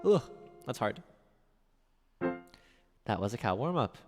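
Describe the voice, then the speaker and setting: A man's voice: medium pitch, lively intonation, moderate pace, in a large hall. A man streaming piano, chatting casually as he reads viewer messages aloud and answers them. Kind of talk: casual live-stream chat.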